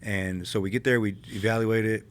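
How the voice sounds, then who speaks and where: A man from California, a retired army infantryman, telling war stories in a casual podcast interview, animated and laughing as he talks. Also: lowish voice, brisk, a little hiss or hum.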